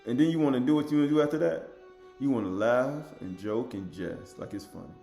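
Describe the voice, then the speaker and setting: A man giving an informal sermon, reading scripture in a raised voice and then commenting in a lower, emphatic, repetitive way. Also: a little fast, vocal fry, warm tone, reverberant, soft background music. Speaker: religious lecturer.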